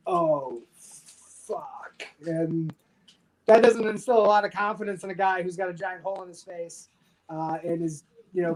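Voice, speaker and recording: A man in his thirties from the United States, a podcast guest telling a war story candidly and with dark humor, swearing freely. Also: high-pitched, rough recording. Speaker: podcast guest, army veteran. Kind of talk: casual storytelling interview.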